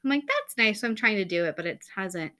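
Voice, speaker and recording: A woman's voice: mid-range voice, lively intonation, quick pace, sharp tone. A woman in her thirties co-hosting a casual chat podcast, rambling and chatty with lots of fillers. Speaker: podcast co-host.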